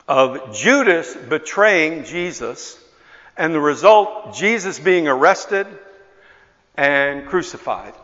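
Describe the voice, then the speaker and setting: An older male pastor preaches with passion in a high, bright voice and an unhurried delivery. The sound is dull and lo-fi, with a long echo from a large hall. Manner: impassioned storytelling, rising to near-shouts. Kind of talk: sermon.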